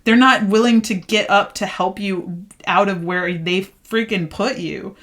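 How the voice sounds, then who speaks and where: A bright-voiced woman talks her way through a tarot spread in a loose, chatty way. She gets fired up and emphatic, with lots of filler words. Her tone stays clear and forward. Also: mid-range voice, a little slow. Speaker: tarot reader. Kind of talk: casual tarot reading monologue.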